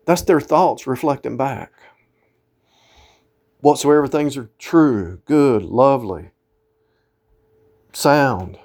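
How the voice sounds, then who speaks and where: A man's voice: mid-range voice, slow pace, pauses often, a little mellow. A man giving an informal sermon, quoting scripture in old-fashioned wording and scolding his listeners, with emphatic outbursts. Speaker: preacher.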